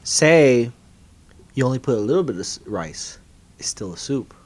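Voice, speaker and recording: A man co-hosting a podcast in casual chat, excitable and profane, laughing often. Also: mid-range voice, a little fast. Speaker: podcast co-host.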